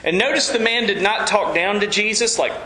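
A man preaching an earnest, animated sermon as pastor. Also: high voice, brisk, echoey room, low-quality recording.

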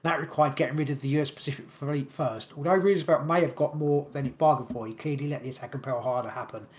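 A man hosting a podcast, reading long passages from his notes quickly and stumbling over words now and then. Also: a little high, fairly even intonation. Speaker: podcast host. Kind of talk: casual podcast chat, reading notes aloud.

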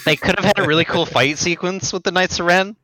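Young man, bright crisp voice, dry close sound, casual film chat full of fillers. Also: high-pitched, steady tone, fast, no echo. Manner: chatty, frequent "like" fillers, quotes characters sarcastically. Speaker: film commentary co-host. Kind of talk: casual movie commentary chat.

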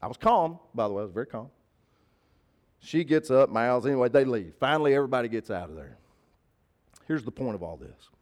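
A man's voice: mid-range voice, expressive, brisk, long pauses, a little mellow. A man preaching a sermon, telling a personal story in a conversational, emphatic way and repeating key phrases. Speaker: pastor.

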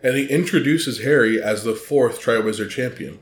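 A man co-hosting a podcast, talking casually and reading aloud from a book. His voice sits at a middle pitch. He stumbles and restarts now and then, and the room around him is echoey. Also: normal speed. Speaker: podcast co-host.

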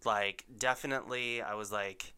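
A man with a low, smooth, bright voice co-hosts a podcast. He chats casually and backs up his co-host with ready agreement. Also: fairly even intonation, normal speed. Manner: supportive, chatty, agreeing. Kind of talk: casual chat.

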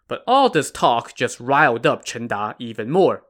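Man narrating a story podcast, lively pitch, bright voice. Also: measured pace, few pauses. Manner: animated, playful storytelling. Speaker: podcast host.

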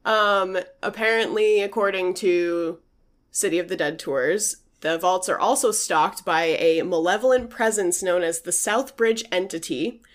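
Speaking unhurriedly in a fairly low voice, a podcast co-host relates a ghost story in a chatty way. She leans on many fillers and reads quotes aloud.

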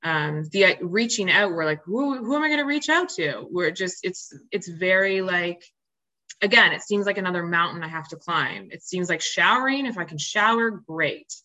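A woman guest on a podcast tells her own story in a candid, earnest way, often restarting her sentences and filling pauses. Her voice sits a little low and comes across bright and forceful. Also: low-quality recording. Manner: open, earnest, frequent fillers and restarts. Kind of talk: candid personal storytelling in interview.

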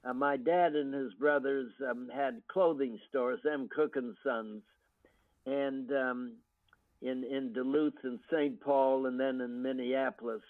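A man's voice: mid-range voice, steady tone. Older man telling stories over a phone line. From United States. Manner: unhurried storytelling with frequent ums and restarts. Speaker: guest actor. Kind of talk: reminiscing interview. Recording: tinny phone-line audio.

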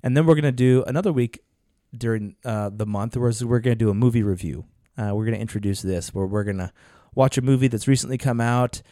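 A man's voice: medium pitch, quick pace, hardly any pauses, warm tone, dry recording, clean studio sound. A man co-hosting a podcast, talking in a casual, earnest way with many fillers and restarts. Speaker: podcast co-host. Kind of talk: casual chat.

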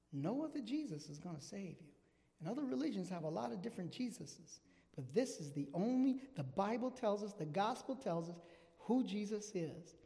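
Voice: medium pitch, creaky, dark tone, in a large hall. A preacher giving a sermon with emphatic, repeated phrases, often checking in with listeners.

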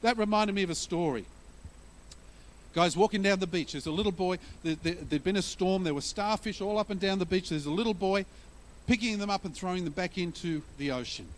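High-voiced male pastor preaching. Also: brisk. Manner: conversational, illustrates scripture with stories and humor. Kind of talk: sermon.

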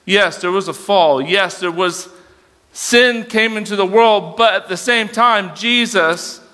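Bright-voiced young male youth pastor. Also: high-pitched, slow pace, long reverb tail. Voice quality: dyslexic, struggles reading aloud. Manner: casual, conversational preaching with fillers. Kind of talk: sermon.

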